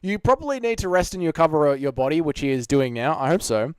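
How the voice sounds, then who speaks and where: A man's voice: a little high, lively intonation, fast, clean tone, dry recording, studio quality. An Australian man hosting a live stream, answering chat in a blunt, sarcastic, swearing way.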